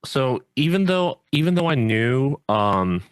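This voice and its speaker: Very animated and a little slow, this man hosts a casual podcast chat, talking earnestly and rambling through plenty of fillers and restarts; he also coaches judo. His mid-range voice sounds clean, with no room sound.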